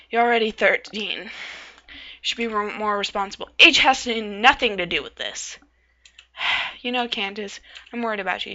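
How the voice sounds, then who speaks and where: A woman's voice: mid-range voice, sharp tone. A woman playing a worried, scolding parent. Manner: lecturing, concerned. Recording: dull lo-fi recording.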